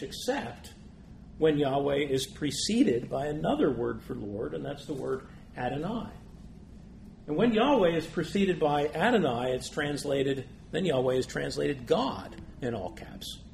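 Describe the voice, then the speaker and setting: Man preaching with gravelly, echoey voice. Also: mid-range voice, a little mellow. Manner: preaching with rhetorical questions, rising to emphatic peaks. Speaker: pastor. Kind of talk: sermon. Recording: echoey room with faint noise.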